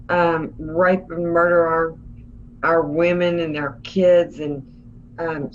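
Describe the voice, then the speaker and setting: A woman's voice: lowish voice, a little hiss or hum. A woman co-hosting a political livestream, talking in a sarcastic, emphatic, folksy way. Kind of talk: casual political commentary. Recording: dull lo-fi stream audio.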